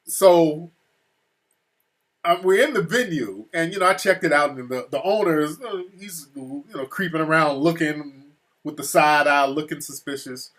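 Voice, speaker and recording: A man's voice: on the high side, normal speed, fairly bright tone. An American man telling a story casually, full of profanity, restarts and asides. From United States. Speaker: speaker recounting a trip.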